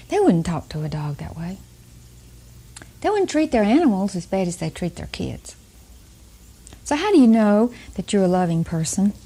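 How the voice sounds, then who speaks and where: Older female Bible teacher, warm and relaxed, folksy and chatty with frequent laughs. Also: medium pitch. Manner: chatty, laughs often, asks the audience questions.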